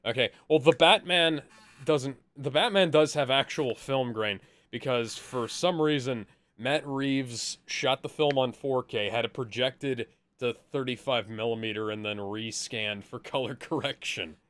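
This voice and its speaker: A man chatting about films in a casual review show. His voice is smooth and clear at a middling pitch, and his humor stays dry and deadpan. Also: a little slow. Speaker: podcast co-host. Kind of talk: casual movie review chat.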